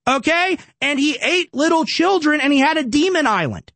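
A man's voice: very high voice, expressive, normal speed, a bit bright, dry recording. Young man ranting on political talk. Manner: emphatic, ranting, repeats rhetorical questions. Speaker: political commentary host. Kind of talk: opinionated political commentary.

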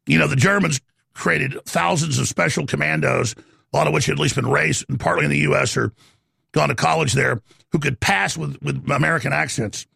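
A man with a strongly gravelly, raspy voice pitched a bit high, ranting through a talk radio monologue. He rambles and jumps from topic to topic with heat. The sound is close and dry, with no room echo. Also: fairly even intonation, fairly quick, pushed and bright. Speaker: talk show host.

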